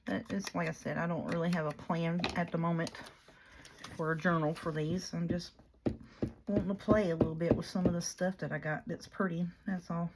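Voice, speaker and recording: A woman with a low, gravelly voice talks her way through a paper craft in a folksy, chatty manner. She talks to herself and to her materials as she works. The home recording is noisy, with clicks behind her. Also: fairly even intonation, fairly quick. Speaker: crafting vlogger. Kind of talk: casual crafting chat.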